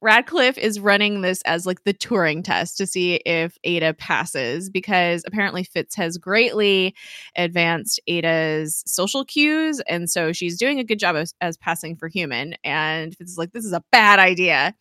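A young woman casually recapping a TV episode, chatty and giggly, quoting the characters in quick voices. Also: fairly low pitch, expressive, sharp tone, no room sound, studio quality. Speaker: podcast co-host recapping a TV episode. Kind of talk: casual chat.

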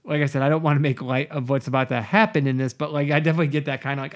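A man with a fairly high voice rambles through a casual Bible study chat. He keeps losing his train of thought, with lots of fillers. He often breaks into little acted-out bits. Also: very fast. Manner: rambling and animated, full of fillers, acts out voices. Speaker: podcast co-host.

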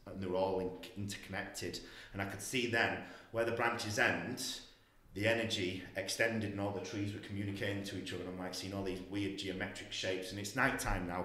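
A man's voice: low-pitched, fairly bright tone. Man, telling a rambling story in an echoey room. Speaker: guest. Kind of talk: casual storytelling.

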